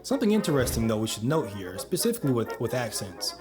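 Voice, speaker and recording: Guy reading a history script, wry jokes, mid pitch, music bed behind. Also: sing-song, quick pace. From United States. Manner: wry, joking asides. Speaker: history video narrator. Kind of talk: scripted narration. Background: background music.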